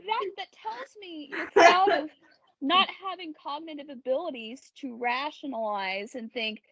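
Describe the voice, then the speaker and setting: Gravelly high-voiced woman, sarcastic riffing. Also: unhurried, a bit bright, rough recording. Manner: sarcastic running commentary, profane. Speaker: podcast co-host. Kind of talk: casual podcast chat.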